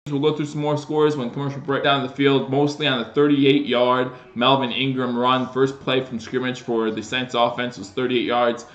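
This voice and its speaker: A male host gives casual play-by-play football commentary on a live stream at medium pitch and normal speed, with few pauses. The recording is muffled and the room is echoey. He uses fillers and restarts, and his excitement rises on big plays.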